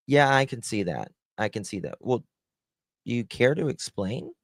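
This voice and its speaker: A man's voice: medium pitch, very animated, unhurried, vocal fry, no echo. A man hosting a live true-crime stream, talking bluntly and sarcastically, swearing and chatting with viewers by name. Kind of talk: casual live-stream commentary.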